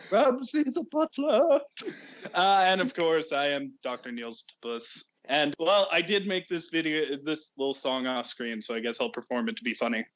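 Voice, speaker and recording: A man's voice: medium pitch, moderate pace, few pauses, a bit bright. A young man hosting a casual podcast chat, giggly and self-mocking. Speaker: podcast host.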